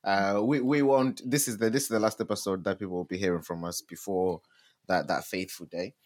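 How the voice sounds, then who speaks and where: A man hosting a casual podcast chat, halting and repeating his words, with bursts of laughter. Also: low voice, fairly even intonation. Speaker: podcast host.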